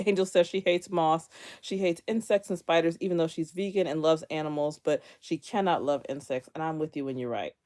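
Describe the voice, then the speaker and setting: Streaming live from her bedroom, near the closet, a woman chats casually, laughs a lot, and tells stories with animation. Her voice is low, steady, brisk, and a little mellow.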